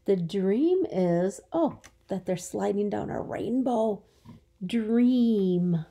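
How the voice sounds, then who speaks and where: A woman's voice: mid-range voice, warm tone. A woman teacher giving a remote phonics lesson to young children, stretching out her words in a patient, encouraging way.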